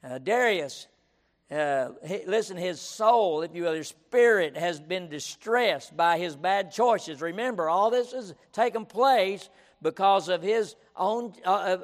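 A male pastor preaching a sermon in an emphatic style, repeating his points and often breaking in with "listen". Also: high-pitched. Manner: emphatic, repeats himself, keeps saying "listen". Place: auditorium. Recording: reverberant auditorium.

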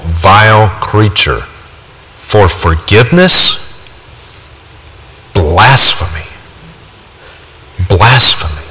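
A man preaches with a low, forceful, bright-edged voice that presses hard on each point. His words ring out with a long reverb, as if spoken in a large hall. He hammers his points home with emphatic repetition. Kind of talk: sermon.

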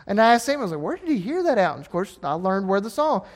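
Southern man preaching, high tenor, rises to emphatic peaks. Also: big pitch swings, quick pace. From Alabama. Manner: impassioned, rising to emphatic peaks. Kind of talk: sermon.

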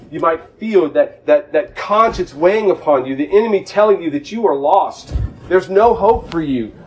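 Male pastor, higher register, earnest sermon delivery with repetition and fervent climaxes. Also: darkish tone, slight background noise, poor audio. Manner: earnest, repeats phrases, builds to fervent climaxes.

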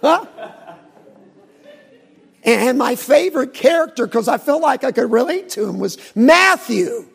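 A middle-aged man, a pastor, preaching in a folksy, animated storytelling way with asides. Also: very high-pitched, unhurried, gravelly, long pauses, slightly rough. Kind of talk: sermon.

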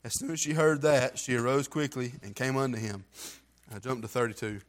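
A man's voice: mid-range voice, fairly quick. A man reading scripture aloud and giving an earnest, heartfelt testimony in plain everyday grammar. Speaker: church member giving testimony.

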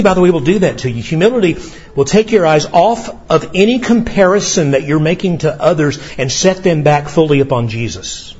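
A man preaching in a church, his voice husky and a little high. He speaks earnestly, voicing quoted lines and stumbling over quick restarts. The recording sounds dull and lo-fi. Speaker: pastor. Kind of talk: sermon. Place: church sanctuary.

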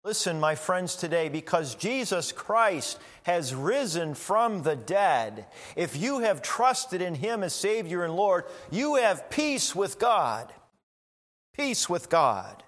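A man preaching a sermon as a pastor, slow and deliberate, rising in emphasis on key points. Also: high-pitched, very animated, fairly bright tone. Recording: long reverb of a large hall.

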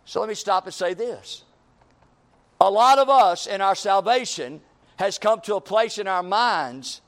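A man's voice: high-pitched, animated, measured pace, a bit bright. A man preaching a sermon as pastor, driving his points home with repeated questions and rising emphasis.

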